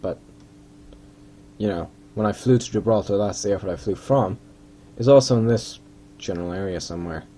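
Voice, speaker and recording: Mellow-voiced man rambling over gameplay. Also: on the low side, a little hiss or hum. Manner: rambling, self-deprecating, thinking aloud. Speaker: gaming video host. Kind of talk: casual gameplay commentary.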